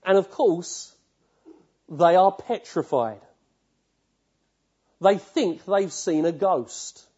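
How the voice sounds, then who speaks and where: Speaking extremely slowly, a man preaches a sermon in a slightly high, mellow voice with a husky edge. He paints vivid stories and often poses questions to his audience, all on a dull lo-fi recording.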